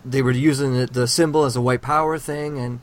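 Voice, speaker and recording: A man hosting a casual podcast conversation, opinionated and animated, often restarting his sentences. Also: mid-range voice, a little fast. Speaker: podcast host.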